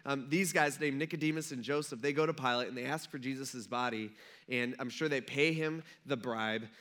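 Bright-voiced conversational male pastor. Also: mid-range voice, moderate pace. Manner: conversational storytelling preacher, acting out crowd voices. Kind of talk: sermon.

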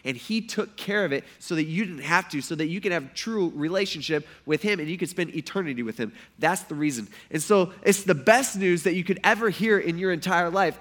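A man preaching a sermon in a casual, animated way, acting out quotes loudly before a congregation. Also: on the high side. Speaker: pastor. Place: church hall before a congregation.

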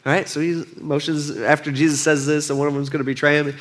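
A young man giving a casual, conversational sermon, retelling a story and acting out the quotes with lively shifts in voice. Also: a little high, fast talker. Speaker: pastor.

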